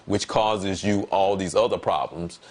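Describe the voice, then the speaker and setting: A man's voice: low voice, unhurried. A man talking as a guest on a talk show, in casual conversation, telling stories emphatically with repetition, his voice jumping up whenever he quotes himself. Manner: animated, voice jumps up when quoting himself.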